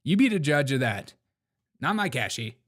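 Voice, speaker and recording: A man's voice: medium pitch, sing-song, normal speed, a bit bright. A man hosting a commentary show, mocking clips with sarcastic remarks and frequent laughter. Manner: sarcastic, laughs often, teasing. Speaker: show host.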